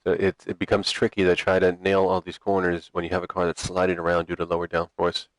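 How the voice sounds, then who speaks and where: A man commentating an online sim racing league, relaxed and chatty with a teasing edge. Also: deep voice, fast talker, no echo. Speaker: race commentator.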